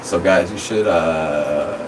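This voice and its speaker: A man hosting a casual livestream, talking into his phone in a rambling, excitable way with plenty of swearing. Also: sits low, takes it slowly, a little hiss or hum, poor audio. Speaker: streamer.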